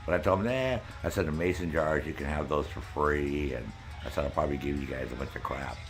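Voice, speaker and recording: A man's voice: rumbling low, steady tone, fast talker, faint music behind. A middle-aged man hosting a casual chat with viewers, telling rambling stories full of swearing. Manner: profane, rambling storyteller. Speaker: streamer host. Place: Maine, United States.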